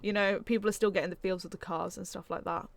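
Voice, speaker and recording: A woman's voice: mid-range voice, steady tone, quick pace, creaky, no echo. A woman co-hosting a casual podcast chat and running a quiz, talking chattily and stumbling over names with a laugh at herself.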